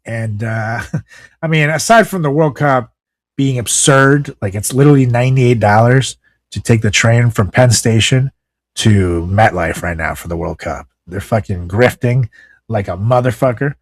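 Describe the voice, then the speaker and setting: A man co-hosting a casual podcast, reading news items aloud and breaking off into profane, sarcastic rants. His voice sits in an ordinary middle pitch. The sound is dry and close to the mic. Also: measured pace, no room sound. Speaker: podcast co-host.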